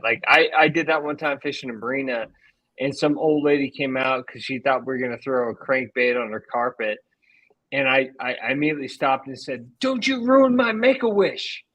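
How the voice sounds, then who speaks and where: A man chatting on a fishing podcast, his voice bright and forward. He jokes around and readily pokes fun at himself. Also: medium pitch, moderate pace, poor audio. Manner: self-deprecating, jokey. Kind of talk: casual chat.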